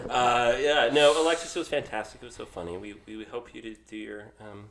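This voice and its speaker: A man's voice: mid-range voice, steady tone, fairly quick, over a noisy crowd. A man co-hosting a podcast, joking playfully with mock-formal asides. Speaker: podcast co-host. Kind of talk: casual chat.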